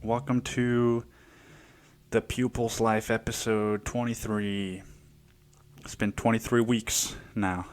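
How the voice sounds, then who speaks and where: A man's voice: on the low side, flat delivery, takes it slowly, pauses often. A man hosting a casual solo podcast, profane and rambling, laughing often and out of breath as he talks. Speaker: podcast host.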